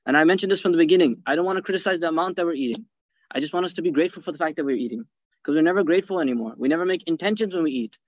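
A man teaching a hadith class, animated, asking his listeners rhetorical questions and mixing Arabic phrases into his English. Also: a little high, racing, no room sound, highs cut off. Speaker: religious teacher.

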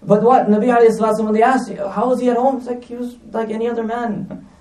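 A man's voice: very high-pitched, level tone, racing, darkish tone. A man giving a conversational religious talk, telling stories with asides and fillers. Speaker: preacher. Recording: echoey room, mic at a distance.

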